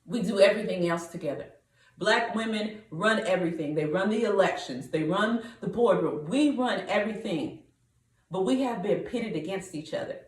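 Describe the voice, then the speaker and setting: A woman's voice: mid-range voice, moderate pace, echoey room, distant mic, poor audio. A woman hosting a podcast, delivering a preachy, rallying monologue to her listeners and sometimes breaking into song. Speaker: podcast host.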